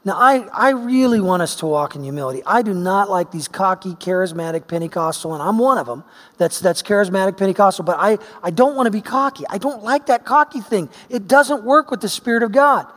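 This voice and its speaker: Middle-aged male preacher, high voice, animated storyteller, long hall reverb. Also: fairly quick. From Oregon, US. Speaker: pastor. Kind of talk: sermon with personal story.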